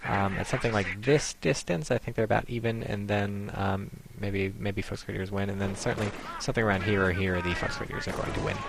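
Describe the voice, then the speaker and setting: A man's voice: lowish voice, fast talker, gravelly, hardly any pauses, noisy background. A man giving casual, rambling commentary on a strategy game, explaining tactics with many ums.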